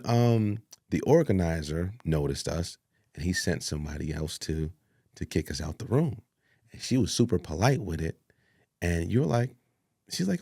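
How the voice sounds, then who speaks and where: A man spins a story in an interview, acting out the voices of everyone in it. His pitch leaps high and drops low as he talks. The sound is close and dry, with no room around it. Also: measured pace, gravelly, no echo. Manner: animated storyteller, acts out voices, laughs. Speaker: executive producer.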